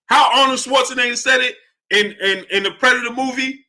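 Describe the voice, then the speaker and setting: Bright-voiced man ranting on a livestream. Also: a little fast. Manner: swings between low mutters and loud heated outbursts; heated, preachy ranting. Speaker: livestream host. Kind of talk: casual livestream commentary, reading viewer chats.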